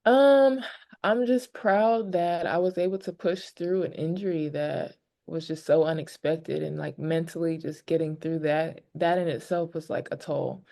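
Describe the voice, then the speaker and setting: Young woman athlete at a press conference, mellow gravelly voice, talks candid with lots of ums. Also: low voice, fairly even intonation, measured pace. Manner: candid, reflective, many fillers. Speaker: pro basketball player.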